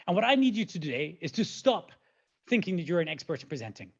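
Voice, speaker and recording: A man in his forties giving an energetic webinar talk, animated and playful, with rhetorical questions and sound effects. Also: a little high, fast talker, gravelly, highs cut off. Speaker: presenter.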